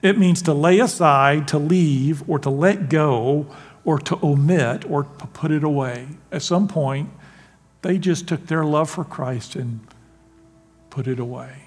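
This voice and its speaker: A man preaching a sermon as pastor, animated and laughing, acting out quotes. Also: on the high side, a little slow, husky, big-room sound, faint music behind.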